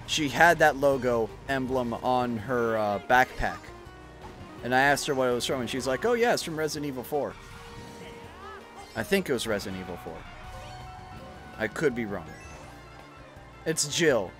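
A man's voice: mid-range voice, fairly bright tone. A young adult man streaming, chatting casually while gaming, rambling with lots of fillers and swearing freely.

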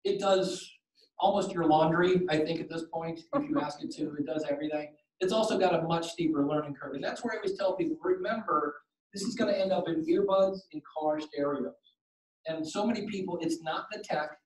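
A man giving a podcasting workshop to a live audience, animated and jokey, acting out quoted exchanges. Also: sits high, a little fast. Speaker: workshop presenter. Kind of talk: conference talk with slides and Q and A. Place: conference room. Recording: roomy, distant room mic.

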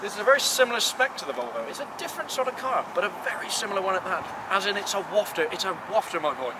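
A man's voice: high voice, rapid-fire. A man presenting cars in a casual, enthusiastic vlog walkaround, talking emphatically and playfully. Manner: playful, emphatic, lively rises on praise. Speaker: car vlogger presenting cars. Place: outdoors beside parked cars. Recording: outdoor street noise behind.

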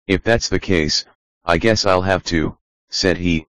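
A man's voice: low-pitched, a little slow, a bit bright, clean tone, no room sound. A man reading the part of a teasing, easygoing male skunk who tells stories. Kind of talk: audiobook reading.

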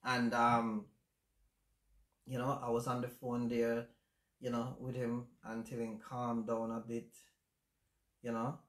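A man with a Jamaican accent hosting a casual livestream chat, speaking in a reflective, halting way with many fillers. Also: mid-range voice, completely flat delivery, a bit bright. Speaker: channel host. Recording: roomy echo.

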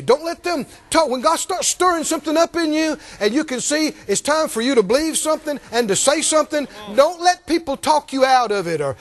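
A man preaching a sermon as pastor, calling out to the congregation and acting out the voices of Bible characters. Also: extremely high pitch. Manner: animated, calls out to the congregation, acts out Bible voices.

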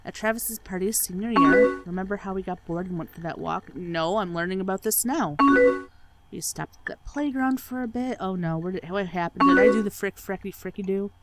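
A woman's voice: medium pitch, fairly quick, loud music behind the voice, low-quality recording. A woman doing game playthrough commentary, sarcastic and swearing freely as she reads the on-screen chat aloud. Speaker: let's play gamer.

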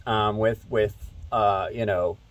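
A man's voice: on the low side, fairly even intonation, takes it slowly. A man casually recounting a conversation with a friend, rambling with many fillers. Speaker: commentator. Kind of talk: casual storytelling monologue.

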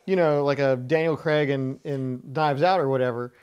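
A man in a casual panel chat, thoughtful and a bit halting. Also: mid-range voice, steady tone, a little mellow, clean tone, lo-fi sound.

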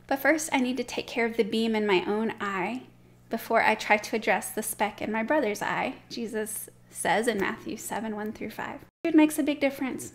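An earnest woman gives plain advice in a casual vlog. Her tone stays gentle and sincere. Her voice sits somewhat high for a woman. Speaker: Christian marriage blogger.

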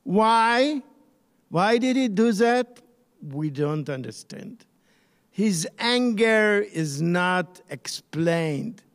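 Male scholar, high voice, slow searching delivery, long echo. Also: expressive. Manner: slow, searching, with many pauses and restarts. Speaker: scholar lecturing on the Bible. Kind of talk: online lecture.

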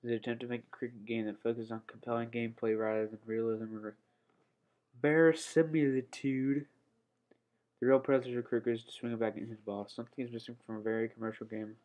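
A man's voice: medium pitch, little pitch movement, brisk, phone-quality sound. A young man giving casual let's-play commentary, often blurting startled "oh"s and humming while he plays. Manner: frequent startled "oh" exclamations while playing; hums "da da da" while concentrating. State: slightly out of breath. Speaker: gaming channel host.

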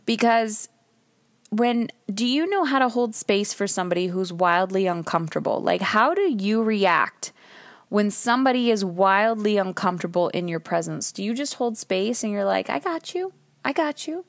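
A woman's voice: medium pitch, moderate pace, no echo. A woman in her thirties talks through a solo podcast episode while sitting in her car, and the sound is close and dry. She speaks candidly and with emphasis, swears now and then, and acts out little scenes as she makes her points. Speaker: podcast host.

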